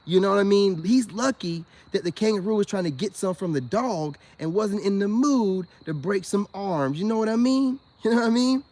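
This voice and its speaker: The American spiritual self-help vlogger talks at a moderate pace with few pauses, his high-pitched voice darkish in tone and lively in intonation. His commentary to viewers is rambling and casual, full of laughter and slang.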